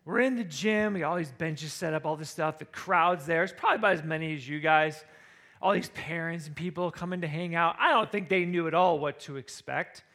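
A man in his thirties speaking to a live audience, telling a humorous personal story in an animated way and acting out his own thoughts and what others said. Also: a little high, brisk, gravelly.

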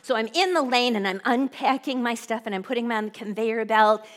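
Animated, humorous woman preacher. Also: a little high. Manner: animated, humorous, brisk storytelling. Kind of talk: sermon storytelling.

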